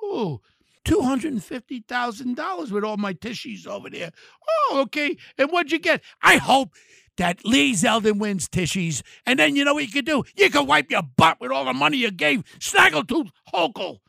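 An older man hosting his podcast, ranting bluntly and heatedly, often shouting insults. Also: very high-pitched, very animated, normal speed, vocal fry, dry recording, clean studio sound. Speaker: podcast host. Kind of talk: angry political rant.

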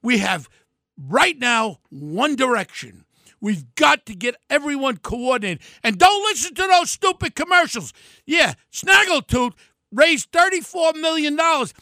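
An older man, hosting a podcast and delivering a loud, heated, combative political rant. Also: extremely high pitch, gravelly, no room sound. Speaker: podcast host.

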